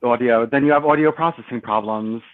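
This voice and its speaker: A man arguing in a heated online debate, confrontational and repeating himself in rapid bursts. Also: mid-range voice, dry recording. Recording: tinny phone-like line.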